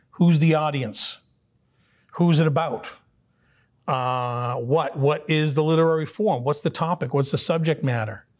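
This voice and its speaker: In a church, a man leads a casual Bible study class, speaking conversationally while often restarting sentences and clearing his throat. His voice is a little high.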